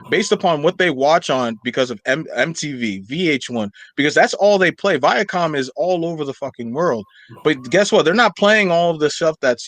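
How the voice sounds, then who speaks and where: A man's voice: on the high side, fairly bright tone, no room sound. A young man co-hosting a podcast in casual chat, talking animatedly and rambling with lots of fillers. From Nigerian household. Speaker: podcast co-host.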